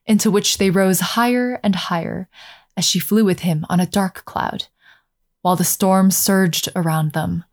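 A woman narrating a fairy tale aloud in a calm, measured way, slowing down over scenic passages. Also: lowish voice. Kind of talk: storybook narration.

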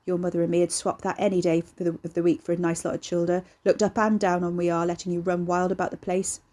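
A woman narrator voicing a gruff, sneering old countryman scolding his son. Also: little pitch movement, fast, warm tone, lightly acted. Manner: rumbling, contemptuous.

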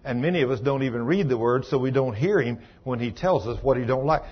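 Husky-voiced man preaching emphatically. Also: medium pitch, quick pace, dull audio. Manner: preaching with rising emphatic exhortation. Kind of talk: sermon.

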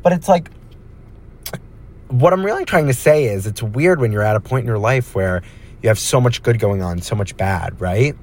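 A man's voice: fairly low pitch, lively intonation, normal speed. A young man hosting his own podcast, chatting casually and rambling, joking and talking straight to his listeners. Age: young adult. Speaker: podcast host. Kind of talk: casual solo chat.

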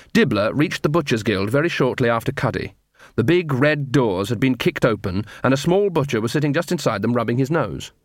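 A man narrating an audiobook in a measured, steady storytelling manner on a close studio mic. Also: mid-range voice, dry recording. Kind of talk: scripted narration.

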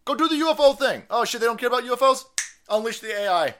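A man's voice: very high voice, animated, fast, fairly bright tone, voice pushed up. A man voicing panicking shadowy schemers who sputter frantic orders. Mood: panicked.

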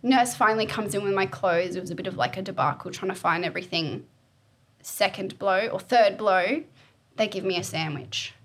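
A woman's voice: mid-range voice, normal speed, fairly bright tone, a little hiss or hum. A talkative woman in her twenties, telling a personal story as a podcast guest in casual conversation. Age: 20s. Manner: chatty, talkative.

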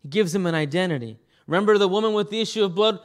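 A man preaching a sermon as pastor, animated and acting out scenes with quick voice changes. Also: high-pitched.

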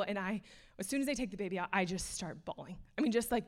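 A woman's voice: medium pitch, fast talker. A young adult woman giving an earnest, casual sermon, full of fillers and passing laughs. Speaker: speaker.

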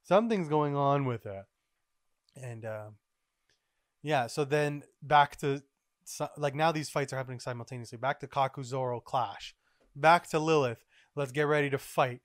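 A man hosting a podcast, recapping comic chapters in a rambling, excitable, casual way. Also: mid-range voice, normal speed, no echo, studio quality. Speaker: podcast host.

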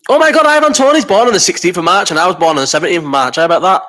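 A man's voice: sits high, racing, few pauses, pushed and bright. A man in his thirties hosting a casual live chat, rambling and swearing as he reads out comments while sick with a cough. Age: 30s. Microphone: desk microphone.

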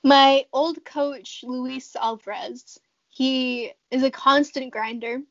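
A woman guest in a casual interview, earnest and quick to laugh. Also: high voice, fairly even intonation, a bit bright, no room sound, highs cut off.

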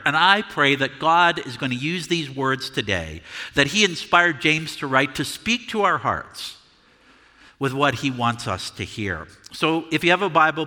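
Male pastor, slightly high, very bright tone, measured sermon delivery, long church-hall reverb. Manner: measured preaching, shouts example words.

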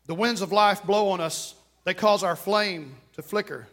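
A man preaching a sermon to his congregation in church, fervent and conversational. He swings from quiet joking asides to loud exclamations. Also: high-pitched, a little slow. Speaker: pastor.

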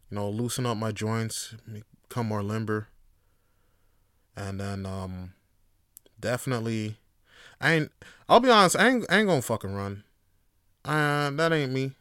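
Laid-back, profane man with a smooth voice. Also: on the low side, unhurried, pauses often, no echo, clean studio sound. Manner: loose, rambling and profane, with lots of fillers; gets loud and animated when hyped. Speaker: podcast host. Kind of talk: casual solo podcast monologue.

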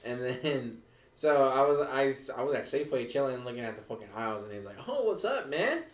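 A man's voice: medium pitch, fairly even intonation, fairly quick, far from the mic. A young man co-hosting a casual podcast, laid-back and profane in his banter. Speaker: podcast co-host. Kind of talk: casual chat. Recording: echoey room, a bit off-mic, faint noise.

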